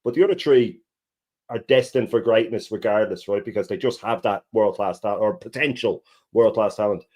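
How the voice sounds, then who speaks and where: Fast-talking man venting football opinions. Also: fairly low pitch, a little mellow. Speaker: guest. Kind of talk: casual live chat.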